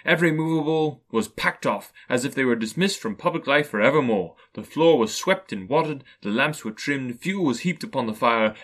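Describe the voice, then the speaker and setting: A man reading a classic story aloud with lively, expressive storytelling. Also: mid-range voice. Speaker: narrator.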